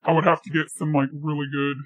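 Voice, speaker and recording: A woman's voice: deep voice, flat delivery, fast, low-quality recording. A woman streamer chatting casually and giggling while she tests a voice changer. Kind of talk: casual live-stream chat.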